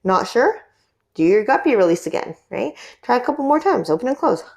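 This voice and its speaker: A young woman teaching a guided yoga class, giving gentle cues and asking encouraging check-in questions as she leads through poses. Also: fairly high pitch, sing-song, normal speed, vocal fry. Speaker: yoga instructor.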